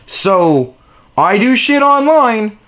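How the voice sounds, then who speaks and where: A man's voice: high-pitched, very animated, slow, a bit bright. Ranting, profane young man vlogger. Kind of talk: casual rant to camera. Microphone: camera mic.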